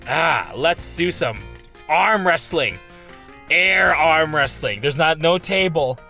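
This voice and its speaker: A man's voice: on the high side, animated, slow, bright, forceful tone, soft background music. A young man casually commenting on a game with slangy, joking asides. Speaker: gaming channel host.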